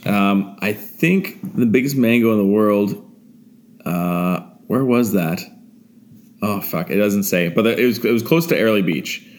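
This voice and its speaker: A man's voice: fairly low pitch, measured pace. A man in his thirties hosting a casual chat, telling rambling stories and acting out voices. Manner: rambling storyteller who acts out voices. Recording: roomy echo.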